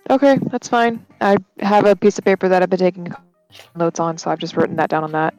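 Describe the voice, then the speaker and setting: A woman's voice: on the low side, fast, darkish tone, highs cut off, soft background music. A woman playing a tabletop game, dry, profane and matter-of-fact. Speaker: player.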